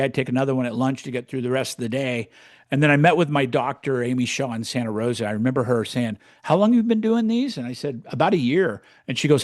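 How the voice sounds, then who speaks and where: A man in his sixties co-hosting a podcast, telling his story in a blunt, animated way and swearing freely. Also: medium pitch, dry recording, clean studio sound. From California. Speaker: podcast co-host, real estate coach. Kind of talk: casual storytelling chat.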